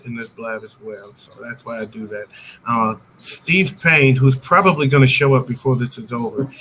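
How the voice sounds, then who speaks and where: An American man hosting a casual live-stream chat over a video call, talkative and quick to laugh, often restarting sentences. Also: medium pitch, sharp tone, a little hiss or hum, rough recording. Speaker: host.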